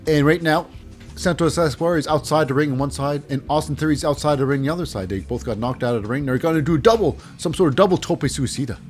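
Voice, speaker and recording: A man's voice: a little high, quick pace, soft background music. A man hosting a casual wrestling recap, rambling with sarcastic asides. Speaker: host.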